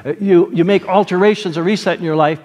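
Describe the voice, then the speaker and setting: A man preaching a sermon as pastor, moving between loud, emphatic points and quiet, earnest prayer. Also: sits high, fairly even intonation, quick pace. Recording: long reverb of a large hall.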